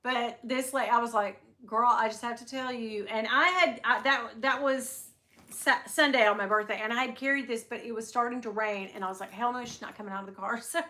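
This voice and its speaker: A woman, hosting her handbag channel's livestream and chatting casually, telling stories with quick asides to her viewers. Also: a little high, steady tone, pushed and bright.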